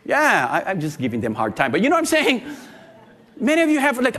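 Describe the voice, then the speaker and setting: Middle-aged pastor, sermon delivery, high voice, animated storyteller. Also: male voice, fairly quick.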